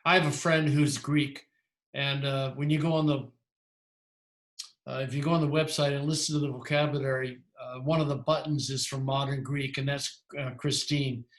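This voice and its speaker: A man's voice: mid-range voice, fairly even intonation, normal speed. Man teaching in an echoey room. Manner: rambling, self-correcting explanations. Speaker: Greek teacher. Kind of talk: lecturing in a class.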